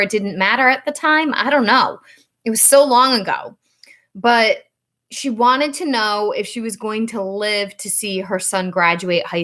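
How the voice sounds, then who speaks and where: Bright-voiced woman storytelling. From Rhode Island. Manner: animated, acts out quoted dialogue with rising pitch. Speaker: psychic reader and channel host. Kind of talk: casual storytelling to camera.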